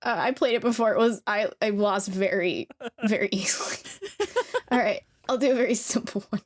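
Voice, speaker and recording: A woman's voice: medium pitch, fairly quick. A woman guesting on a casual podcast, playfully self-deprecating and apologetic about her game.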